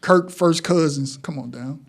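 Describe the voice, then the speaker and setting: Animated man hosting a sports talk show. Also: on the high side, measured pace, creaky, husky. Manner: animated, playful list-reading with announcer calls.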